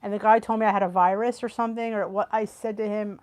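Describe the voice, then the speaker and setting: A fast talker with a mid-range, slightly mellow voice, fairly even intonation and hardly any pauses, she's a chatty middle-aged woman hosting a live cooking stream from home on a computer video call. Reading viewer comments aloud, she gasps, trails off mid-thought, and yawns, tired from the heat.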